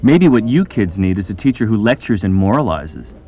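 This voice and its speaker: A man's voice: lowish voice, a little fast, muffled recording. A man acting out a scolding teacher in a reading, exaggerated and stern. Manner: lively, exaggerated scolding delivery. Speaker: colleague playing a teacher.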